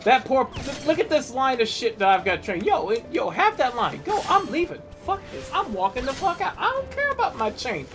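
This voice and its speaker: A woman's voice: high voice, sing-song, normal speed, hardly any pauses. A woman streaming a game, ranting in irritation and swearing heavily. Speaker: gaming streamer. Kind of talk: live game commentary. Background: game music.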